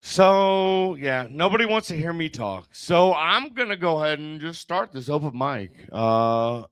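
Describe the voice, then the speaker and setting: A man's voice: a little high, lively intonation, unhurried, a bit bright, smooth, dry recording. Rambling, profane man hosting an open mic. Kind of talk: casual stage introduction. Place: small bar club. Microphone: handheld stage mic.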